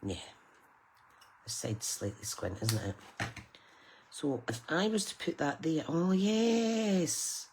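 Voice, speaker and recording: This craft demonstrator speaks in a very deep, sing-song voice, unhurried and pausing often, with a noisy background. She's a middle-aged woman from the UK giving a chatty live card-making tutorial, laughing and talking with viewers.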